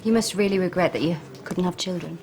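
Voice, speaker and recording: A woman's voice: lowish voice, quick pace, a little hiss or hum, close to an everyday voice. A woman playing a lonely, probing mother. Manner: gentle, probing questions.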